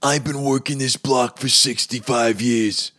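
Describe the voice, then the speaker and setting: A man putting on the voice of a TV detective who yells all the time in a strained, raspy voice. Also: mid-range voice, steady tone, unhurried, pitched above the performer's own voice. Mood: yelling. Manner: constant yelling.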